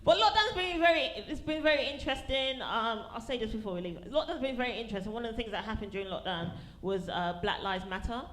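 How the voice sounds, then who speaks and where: This stand-up comedian from London is a woman performing a punchy, sassy set for a small audience at a comedy venue. Her voice is a little high and a bit bright, moving quickly with few pauses. The live room echoes, and faint noise sits underneath.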